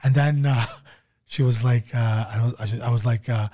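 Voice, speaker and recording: A man's voice: big pitch swings, moderate pace, a little mellow. A male comedian telling a story on a podcast in casual chat, swearing constantly and acting out quoted dialogue. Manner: acts out quoted dialogue with big pitch jumps. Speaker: comedian guest.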